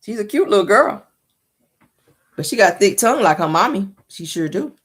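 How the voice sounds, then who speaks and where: A woman's voice: medium pitch, normal speed, breathy edge. A woman vlogger giving casual, sassy celebrity gossip commentary from her car. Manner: sassy, animated, mocking impressions. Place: parked car. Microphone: phone or dashboard mic in a car.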